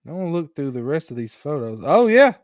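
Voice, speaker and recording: Excitable man hosting live chat. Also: on the high side, a little fast, dry recording, clean studio sound. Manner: excitable, rambling, reacts loudly to viewer photos. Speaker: outdoors show host. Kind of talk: casual live-stream chat.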